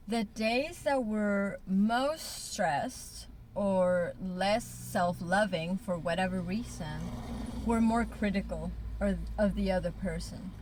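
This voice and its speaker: A woman in a candid couple conversation, talking frankly and emotionally, with blunt swearing. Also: mid-range voice. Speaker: co-host.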